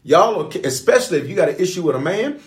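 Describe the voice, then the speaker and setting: A man preaching as a pastor, in a lively call-and-response sermon style. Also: high voice, fast talker. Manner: call-and-response, animated, playful.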